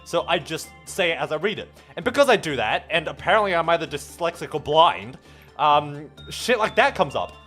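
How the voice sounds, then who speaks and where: Stammering high-voiced guy streaming. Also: big pitch swings, moderate pace, fairly bright tone, faint music behind. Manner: stammering, restarts words often; swears freely and laughs at himself. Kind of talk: casual live-stream chat while gaming.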